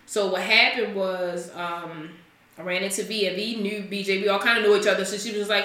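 A woman's voice: medium pitch, a little fast. A woman telling stories in a casual chat, acting out the quotes she retells. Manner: loose storytelling with animated retold quotes. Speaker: guest. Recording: echoey room.

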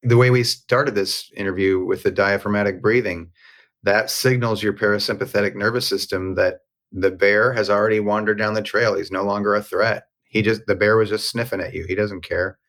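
A man's voice: on the low side, normal speed. A man being interviewed, telling a personal story in a candid, conversational way and acting out the dialogue. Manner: animated, acts out quoted dialogue. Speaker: interview guest.

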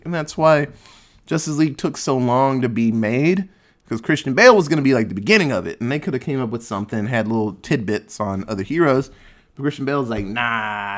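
Man, casual movie recap, sarcastic, swears a lot, rambling, very animated pitch.

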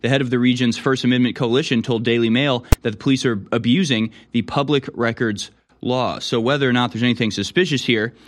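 Guy hosting talk radio, reads the news then snarks on it, mid pitch. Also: steady tone, brisk, slight background noise. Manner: sarcastic, reads headlines then editorializes. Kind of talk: opinionated news commentary.

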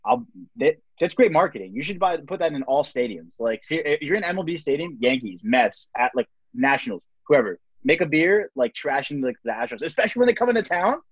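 A man's voice: a little high, sing-song, a little fast, slightly rough, no echo. A young man hosting a casual sports chat, rambling with many fillers like "like" and "um". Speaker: podcast host. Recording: slightly dull lo-fi sound.

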